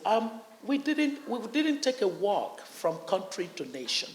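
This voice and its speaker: A woman's voice: medium pitch, sing-song, measured pace. A Nigerian woman speaking on stage at a conference, passionately, acting out the voices of different groups. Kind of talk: on-stage conversation. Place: conference hall. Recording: echoey conference hall.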